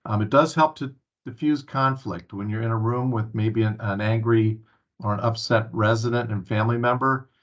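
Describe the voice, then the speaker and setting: A man's voice: lowish voice, fairly even intonation, moderate pace. Guy presenting staff training at a town hall, earnest, lots of ums and uhs, muffled lo-fi sound. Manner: earnest, many filler sounds and restarts. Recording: muffled lo-fi recording.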